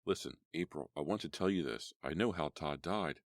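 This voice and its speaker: A man voicing an anxious teenage boy in an audiobook, speaking in rapid, urgent pleas. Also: very deep voice, gravelly, no room sound, studio quality. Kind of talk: audiobook character voice.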